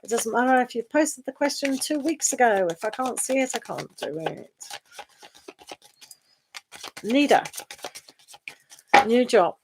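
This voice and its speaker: A woman's voice: a little high, expressive, normal speed, background noise. A middle-aged woman, chatting casually and rambling as she reads tarot on a live stream. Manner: chatty and rambling, with frequent laughs. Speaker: tarot reader.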